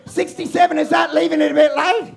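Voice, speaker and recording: An Australian man performing a loud, ranting stand-up set on a comedy club stage, often shouting. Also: extremely high pitch, fairly even intonation, fast talker, vocal fry, soft background music.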